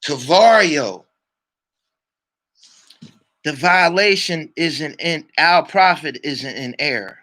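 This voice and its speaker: A man telling a heated personal story to his channel, swearing often and shouting when worked up. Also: a little high, lively intonation, takes it slowly, long pauses. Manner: repeats "you dig what I'm saying". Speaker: channel host. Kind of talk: storytelling vlog monologue.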